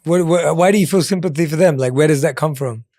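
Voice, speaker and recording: A man hosting an interview podcast, asking calm, gently probing questions. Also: a little high, quick pace, dry recording, clean studio sound. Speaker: podcast host.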